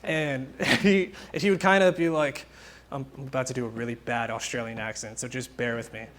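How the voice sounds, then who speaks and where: Speaking at normal speed with a medium-pitched voice, this young man preaches in a relaxed, chatty style. His sermon is full of lively stories and informally acted-out quotes.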